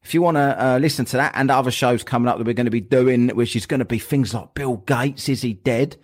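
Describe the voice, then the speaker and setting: A man's voice: medium pitch, fast talker. A man hosting a podcast in a casual, jokey chat, rambling with plenty of fillers. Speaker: podcast host.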